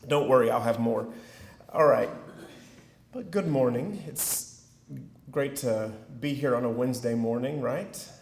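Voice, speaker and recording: A middle-aged man with a country Texas accent gives a keynote, joking at his own expense and stumbling through fillers. His voice is gravelly and his pace is slow. He is heard through an echoey hall with faint noise underneath. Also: medium pitch. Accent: rural Texas. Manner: folksy and self-deprecating, with many fillers. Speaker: keynote speaker. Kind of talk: keynote speech with audience banter.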